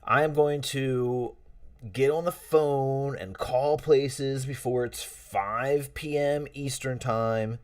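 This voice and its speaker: A man's voice: mid-range voice, steady tone, slow pace, no echo, recorded from a distance. A man hosting a casual livestream, chatting with viewers in a rambling, friendly way with many fillers and chuckles. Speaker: livestream host. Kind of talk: casual livestream chat reading out chat messages.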